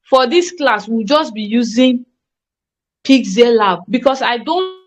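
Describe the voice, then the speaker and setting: Woman, design tutor, slightly high voice, emphatic and repetitive, live online class feel. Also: lively intonation, measured pace. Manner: emphatic, repetitive, checks on students.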